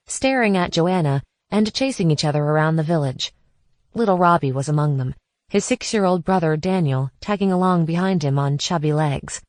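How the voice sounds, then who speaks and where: Low-voiced woman audiobook narrator. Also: a little mellow, dry recording. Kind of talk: scripted narration.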